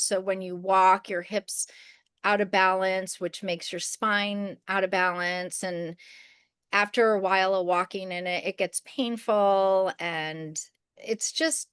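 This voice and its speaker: A middle-aged woman telling a story on a podcast, casual and rambling, with many restarts and fillers. Her voice is smooth and clear, recorded close and dry. She slips into the voices of the people she quotes. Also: medium pitch, steady tone, slow pace, no room sound. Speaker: podcast co-host.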